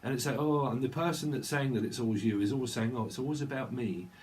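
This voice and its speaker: A man rambles through a channelled tarot reading, jumping from one loose association to the next. His voice sits at an ordinary middle pitch. A faint hiss of noise runs under the recording. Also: quick pace, a little mellow. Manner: rambling, free-associating, sings snatches of songs. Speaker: tarot reader.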